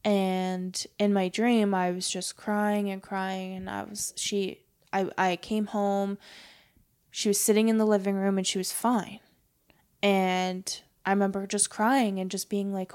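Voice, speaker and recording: A young woman speaks softly and hesitantly in a casual podcast conversation, often pausing and restarting her thoughts. Her pitch sits mid-range and barely moves, giving her voice an even, level sound. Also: clean tone. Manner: soft-spoken, hesitant, many fillers. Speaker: podcast guest.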